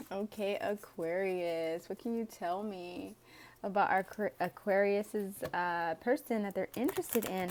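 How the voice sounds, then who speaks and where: A woman's voice: medium pitch, darkish tone, slight background noise. A woman doing a casual tarot reading for viewers. She reads the cards aloud in a chatty way, with sighs and laughs along the way. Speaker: tarot reader.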